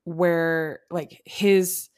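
A young adult woman co-hosting a podcast, retelling sitcom scenes in relaxed casual chat with easy laughs. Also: fairly low pitch, drawn-out words, smooth. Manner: relaxed storytelling, laughs while recounting. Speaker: podcast co-host.

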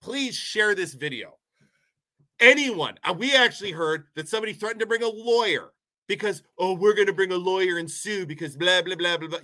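Fired-up man ranting, high bright voice. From Poland, Ohio, USA. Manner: heated, sarcastic, mocking. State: sick, unwell. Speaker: local commentator. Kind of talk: ranting monologue.

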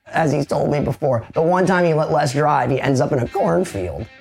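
A man giving playful play-by-play commentary, lively and amused, heard from farther off the mic. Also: a little high, moderate pace, vocal fry, soft background music. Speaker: commentator on the clip.

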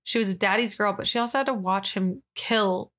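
Woman, podcast co-host, casual true-crime chat, blunt and opinionated, middle pitch. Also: normal speed, fairly bright tone. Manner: reads case details then gives blunt, disgusted opinions.

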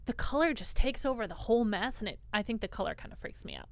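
A woman co-hosts a podcast, bubbly and eager, and quick to react to her partner. Her voice sits a bit high, and she keeps the chat light and friendly. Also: expressive, no room sound. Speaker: podcast co-host. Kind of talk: casual chat.

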